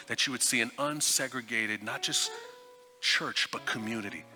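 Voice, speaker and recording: A man from Texas preaching a sermon. He tells a story, dropping to a hushed voice for tender moments, and often stammers and restarts. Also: mid-range voice. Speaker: guest preacher.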